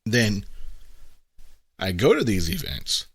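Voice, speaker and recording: A man's voice: lowish voice, very animated, takes it slowly, breathy edge, no echo, clean studio sound. A middle-aged man hosting a podcast, talking in a casual, reflective monologue with frequent "right?" asides. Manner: conversational, frequent "right?" asides, acts out quotes. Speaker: podcast host.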